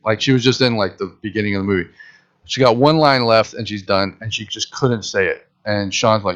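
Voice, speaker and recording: A man's voice: fairly low pitch, moderate pace. A man telling a story in a casual podcast chat, acting out what people said. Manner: animated storyteller acting out quotes. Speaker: podcast host. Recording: dull lo-fi sound.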